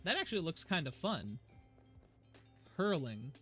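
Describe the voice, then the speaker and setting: A man's voice: a little high, big pitch swings, unhurried, bright, forceful tone. A man chatting casually with viewers while he streams a game, rambling from one topic to the next and laughing easily. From United States. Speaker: gaming streamer. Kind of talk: casual live-stream chat while playing. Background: faint game music.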